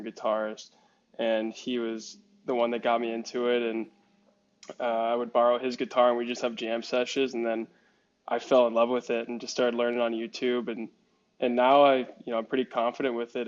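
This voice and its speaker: Earnest young man on dull audio. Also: medium pitch. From Alaska. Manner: earnest, reflective, warm, many fillers. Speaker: guest hockey goaltender. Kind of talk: podcast interview answers.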